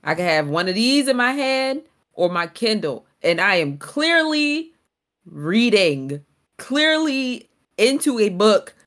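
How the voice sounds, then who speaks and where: A woman's voice: medium pitch, sing-song, slow, a bit bright. A young woman co-hosting a casual podcast chat, earnestly explaining a complaint with mild exasperation. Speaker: podcast co-host.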